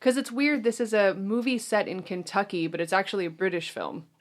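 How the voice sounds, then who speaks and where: A woman hosts a relaxed movie podcast among friends. Her voice sits at an ordinary middle pitch, and she talks in a loose, chatty way, laughing often. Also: a little fast. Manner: chatty, laughs often, reads synopsis aloud. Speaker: podcast host. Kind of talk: casual film podcast chat.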